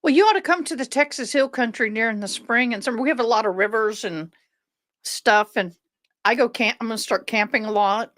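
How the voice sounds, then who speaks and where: A woman's voice: fairly high pitch, fairly quick. A woman chatting on a video call from home, telling a story and acting out the people in it. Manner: animated storyteller who acts out quoted people. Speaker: live-stream co-host. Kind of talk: casual video chat. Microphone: video call webcam.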